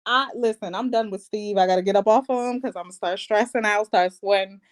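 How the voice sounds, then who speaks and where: A young adult woman giving a sassy, slangy, animated reality TV review and acting out quotes in other voices. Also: medium pitch, brisk. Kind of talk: casual commentary vlog.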